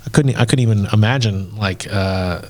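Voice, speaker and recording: Podcast host, male, lowish voice, meandering casual talker. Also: normal speed, darkish tone. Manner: rambling, many fillers and restarts. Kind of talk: casual chat.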